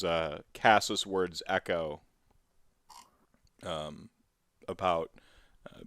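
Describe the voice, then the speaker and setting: Low-voiced man running a tabletop game. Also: noisy background. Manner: halting, full of fillers and restarts. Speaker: game master.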